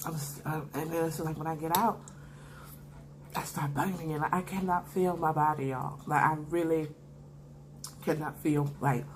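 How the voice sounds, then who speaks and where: A young woman with a low-pitched voice tells a story on camera in a loose, slangy way, talking straight to her viewers between bites. A faint hiss of background noise sits under her voice. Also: moderate pace, pauses often. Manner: animated, slangy storytelling with laughs. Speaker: mukbang vlogger. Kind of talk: casual storytime while eating.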